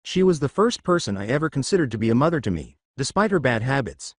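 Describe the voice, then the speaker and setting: A man's voice: mid-range voice, very animated, quick pace, no room sound, clean studio sound. A man reading the lines of a cheerful young male ninja hero in an earnest, plain way.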